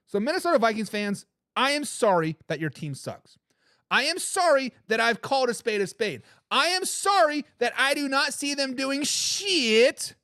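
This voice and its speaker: A man's voice: very high-pitched, pushed and bright, dry recording, studio quality. A man hosting a sports talk show, mocking and trash-talking fans in a rant while he reads live chat comments. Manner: mocking, trash-talking, repeats words when fired up.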